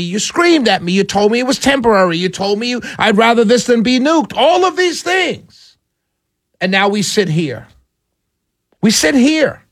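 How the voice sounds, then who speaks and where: This is a male radio host with a high-pitched voice, talking straight at his audience. He hammers his points with repetition and a lecturing tone. The sound is close and dry, with no room echo. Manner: emphatic, repetitive, lecturing listeners. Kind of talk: political commentary monologue.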